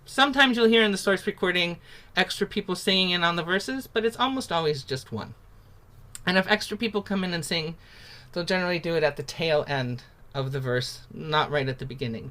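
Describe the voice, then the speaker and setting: A woman runs an online singing workshop, talking through the song in a loose, chatty way. Her voice is bright and clear through a video-call mic, and she often stops to sing short phrases as examples. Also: lowish voice, a little fast. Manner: demonstrates sung syllables between spoken explanations; chatty and informal, with many fillers. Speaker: singing teacher.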